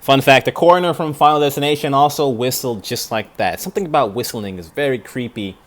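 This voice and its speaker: A man's voice: mid-range voice, a little fast, over music. A young man, an animator, chatting casually and rambling as he reacts to a film. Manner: rambling, thinks aloud with restarts.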